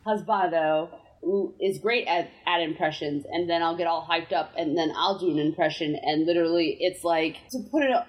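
A woman's voice: lowish voice, moderate pace, low-quality recording. A woman from Massachusetts co-hosting a casual podcast, wry and self-deprecating, laughing often. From Massachusetts, USA. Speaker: podcast co-host. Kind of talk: casual chat.

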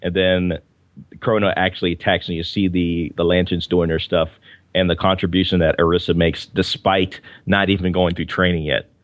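A man's voice: deep voice, level tone, normal speed, dry recording. A man co-hosting a podcast in casual chat, rambling with fillers and restarts as he reviews comics and films. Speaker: podcast co-host.

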